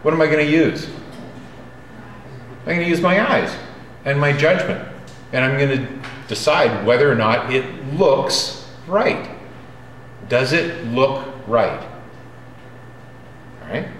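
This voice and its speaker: A man's voice: medium pitch, animated, takes it slowly, long pauses, a bit bright, a little hiss or hum. Emphatic man lecturing in an echoey classroom. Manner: direct, emphatic, often checks in with "okay?". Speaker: drawing instructor. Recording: roomy classroom with faint ambience.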